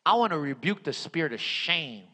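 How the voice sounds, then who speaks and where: A man preaching a sermon, repeating his phrases and swinging between loud emphatic lines and hushed ones. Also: on the high side, sing-song, normal speed. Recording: long hall reverb.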